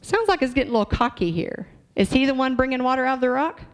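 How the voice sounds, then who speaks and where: A woman's voice: high voice, lively intonation, fast talker. A woman preaching a sermon in a church, talking conversationally and asking the congregation questions.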